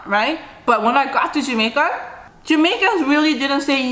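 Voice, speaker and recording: A woman's voice: sits high, expressive, a little fast, a bit bright. A middle-aged woman vlogger chatting casually while she eats on camera, often humming "mm" between bites. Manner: chatty, frequent mm sounds while eating. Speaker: mukbang vlogger. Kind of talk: casual eating vlog chat. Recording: roomy echo.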